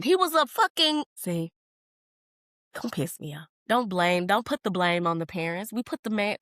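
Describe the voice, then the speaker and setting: A woman's voice: mid-range voice, fairly bright tone, no echo, clean studio sound. A woman hosting a podcast in casual solo talk, answering comments in a heated, blunt and profane way with emphatic outbursts. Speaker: podcast host.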